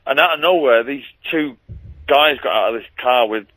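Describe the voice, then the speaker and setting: A man's voice: mid-range voice, moderate pace, noisy background. A man chatting as a radio guest, telling rambling, dry anecdotes and laughing often. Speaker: guest on a radio sports phone-in. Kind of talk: casual chat.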